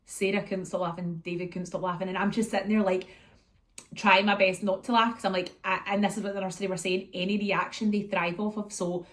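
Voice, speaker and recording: A woman with a Scottish accent chatting casually to her viewers, telling animated stories and acting out what was said. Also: medium pitch, a little fast. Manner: chatty and animated, acts out scenes and quotes her kids. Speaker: vlogger catching up with viewers. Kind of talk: casual chat, storytelling.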